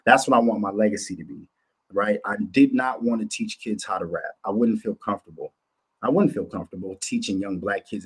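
A man's voice: fairly low pitch, brisk, breathy edge. A man from Minnesota hosting a livestream, talking bluntly and profanely in a loose, repetitive monologue. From Minnesota, USA. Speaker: livestream host.

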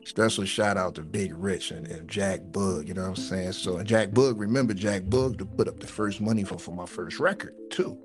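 A man tells a story on a casual podcast. He talks in an animated way, repeats his words and swears freely. A clear music bed plays under his voice. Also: low voice, normal speed, hardly any pauses. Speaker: podcast co-host.

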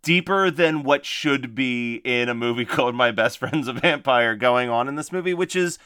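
A man's voice: mid-range voice, moderate pace, bright, forceful tone, clear, resonant tone, no room sound, clean studio sound. A man co-hosting a casual podcast chat about movies and music, talking with lots of fillers and frequent laughs. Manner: chatty, laughs often, many fillers. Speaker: podcast co-host.

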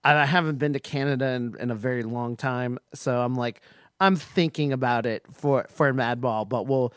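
A man in casual chat, speaking haltingly with many restarts and fillers. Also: mid-range voice, clean tone, no room sound, studio quality.

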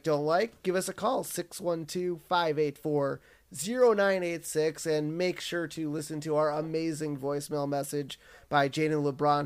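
A man co-hosting a casual podcast, excitable and laughing often. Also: a little high, clean tone. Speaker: podcast co-host.

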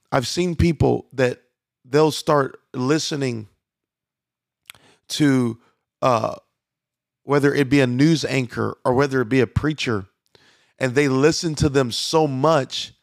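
A male pastor preaching a sermon in an easy conversational flow, often restarting his phrases and dropping in fillers. His mid-pitched voice has a gravelly edge, and the sound is close and dry with no room around it. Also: no echo.

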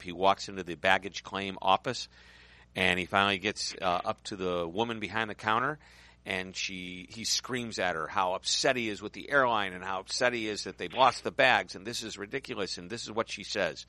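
Male business radio host, middle-aged, low-ish crisp bright tone, upbeat storyteller, dry studio read. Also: no echo.

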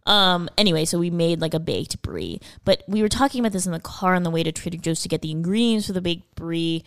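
A woman's voice: on the low side, animated, quick pace, smooth. A young woman co-hosting a podcast in casual, playful chat, swearing freely and repeating lines for emphasis. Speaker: podcast co-host.

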